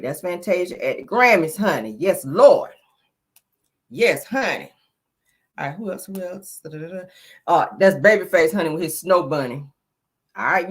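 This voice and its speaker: A woman's voice: low-pitched, breathy edge. A woman hosting a celebrity news live stream, talking in a chatty, sassy way, full of slang asides. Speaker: celebrity news channel host. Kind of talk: casual live-stream commentary.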